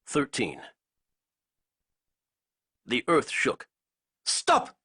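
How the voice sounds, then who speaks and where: A male narrator reads an action novel aloud with a husky voice. His pitch moves a lot as he builds each scene. The recording is dry, with no room sound. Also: animated, moderate pace, a bit bright, no room sound. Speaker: audiobook narrator. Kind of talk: dramatic audiobook narration.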